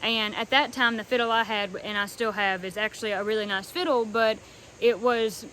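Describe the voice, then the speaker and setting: A young woman from North Carolina talking earnestly and warmly about a treasured fiddle, with soft pauses and frequent ums. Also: mid-range voice, fairly even intonation, a little hiss or hum, rough recording. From North Carolina, USA. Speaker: fiddler showing her instrument. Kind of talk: casual heartfelt talk to camera.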